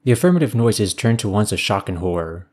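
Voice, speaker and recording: A man narrating a science fiction story in a measured, even storytelling manner. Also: on the low side.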